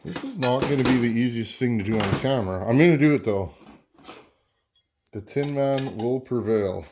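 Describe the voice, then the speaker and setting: At normal speed and in a medium-pitched voice, a man hosts a chainsaw channel's casual workshop vlog against a noisy background. He chats and rambles while working with his tools, occasionally moving away from the camera mic.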